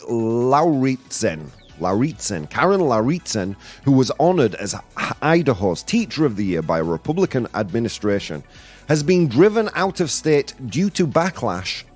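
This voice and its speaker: Guy hosting a live news show, ranting and fed up, pitch swings all over, faint music underneath. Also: a little mellow. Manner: exasperated, ranting, reads chat comments aloud. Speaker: show host.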